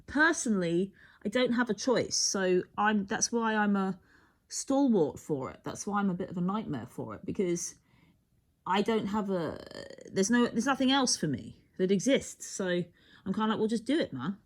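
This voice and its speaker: This tarot reader has a medium-pitched, expressive voice at a normal speed. She muses and rambles through the cards, frequently interrupting herself and occasionally sinking to a near whisper.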